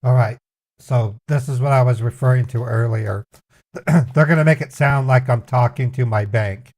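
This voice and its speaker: A man's voice: mid-range voice, normal speed, darkish tone. A man hosting a live stream, casually and plainly explaining to viewers what will happen next. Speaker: host.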